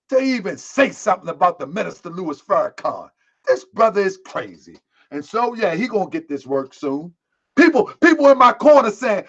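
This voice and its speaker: Man, high voice, heated repetitive rant, dull lo-fi sound. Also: fairly bright tone, husky. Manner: repetitive, heated, laughing, calls the audience family. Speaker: online commentary host. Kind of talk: animated commentary rant.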